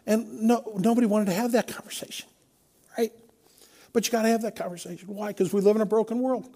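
Preaching at a fast clip, this middle-aged pastor has a warm, steady voice that sits unusually high for a man. His delivery is conversational and emphatic, stacking refrains to drive his points home.

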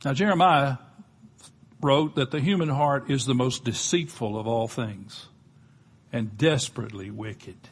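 A man's voice: medium pitch, measured pace, husky. An older man with a Southern US accent preaching a sermon, folksy and conversational, with touches of humor. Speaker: pastor.

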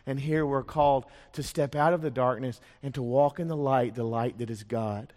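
A man preaching a sermon, telling stories, firing off rhetorical questions and dropping to a hush for emphasis. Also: mid-range voice, fairly even intonation, normal speed. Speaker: pastor. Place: church sanctuary. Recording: long church hall reverb.

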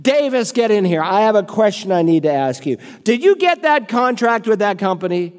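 A man's voice: sits high, big pitch swings, moderate pace, darkish tone, clean tone, big-room sound, pitched above the performer's own voice. A man voicing a proud, hot-tempered male company boss who barks indignant orders. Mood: barking. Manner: barking, indignant.

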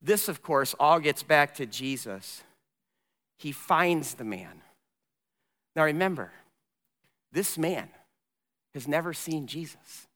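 A man preaching a sermon, telling a story with animated delivery and voicing the people in it. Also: fairly high pitch, slow pace, long pauses. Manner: animated storytelling, voicing characters in dramatic retelling. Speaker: pastor. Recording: long reverb in a large hall.

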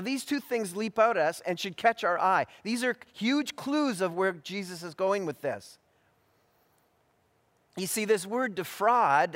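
A man with a fairly high voice preaches an expository sermon in a measured, deliberate way, often restarting and filling pauses. His voice carries a long reverb from a hall. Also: a bit bright. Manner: measured, deliberate delivery with frequent restarts and fillers.

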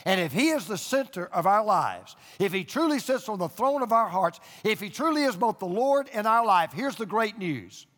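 A man's voice: high-pitched, lively intonation, normal speed, few pauses, fairly bright tone, long reverb tail. An older man preaching a sermon as pastor, a folksy storyteller who drives points home with emphatic repetition, speaking in a church auditorium to an audience there and online.

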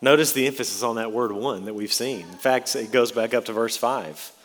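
Man, sermon, earnest, stresses key words, middle pitch, long church reverb. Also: fairly quick. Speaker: pastor. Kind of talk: sermon with scripture reading. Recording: long reverb of a large hall.

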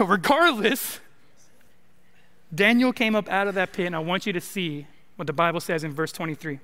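Young male preacher, smooth and high, in a reverberant church hall. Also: moderate pace, pushed and bright. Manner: casual, joking preaching with many likes and rights. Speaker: college minister. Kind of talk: sermon. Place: church sanctuary.

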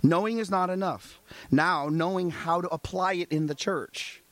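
A man preaches a sermon in an animated way. His voice sits a little high, and he keeps firing rhetorical questions at the congregation. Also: moderate pace. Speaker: pastor.

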